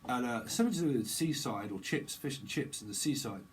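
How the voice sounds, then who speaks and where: A man giving a casual live tarot reading, rambling and excitable, repeating himself and using slang. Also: medium pitch, fast talker, slight background noise. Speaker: tarot reader.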